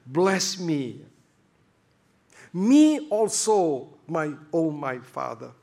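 A man's voice: on the high side, sing-song, drawn-out words, creaky, a little mellow, exaggerated voice. A man preaching and briefly voicing a grown son crying out to his father in a pleading heart-cry.

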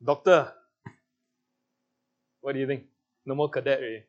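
A man with a Singaporean English accent leads an interactive Bible class, playfully coaxing answers from the group and laughing often. His voice is medium-pitched and steady at a normal speed, and the audio sounds dull.

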